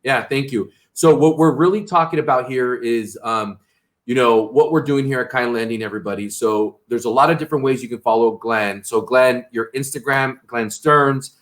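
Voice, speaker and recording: A man's voice: mid-range voice, normal speed, fairly bright tone. A man hosting a casual interview, rambling with many restarts and tag questions. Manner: rambling, frequent restarts and "right?" tags. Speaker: interview host.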